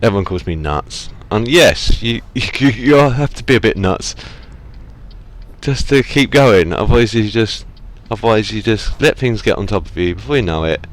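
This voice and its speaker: A man's voice: fairly low pitch, lively intonation, normal speed. A man with an English accent giving casual, self-mocking commentary while playing a truck driving game and talking back to the traffic. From England. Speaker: let's play gamer. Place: home, at a driving-sim rig.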